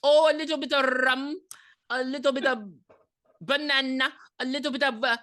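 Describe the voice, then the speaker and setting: A woman's voice: high voice, steady tone, moderate pace, fairly bright tone, voice pushed up. A woman voicing a laid-back male Caribbean bartender with a Jamaican accent. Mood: easygoing.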